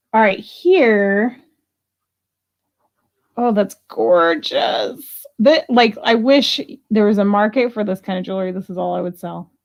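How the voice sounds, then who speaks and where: Woman selling jewelry live, gravelly voice, rambly and chatty, grumbles a bit. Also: medium pitch, darkish tone. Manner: chatty, thinks aloud, grumbles. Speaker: jewelry reseller hosting a live sale. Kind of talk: casual live selling chat.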